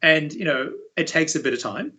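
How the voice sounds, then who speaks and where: A man speaking as an interview guest, a university VFX lead explaining things in a relaxed, conversational way. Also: on the high side, moderate pace, low-quality recording. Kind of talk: casual interview chat.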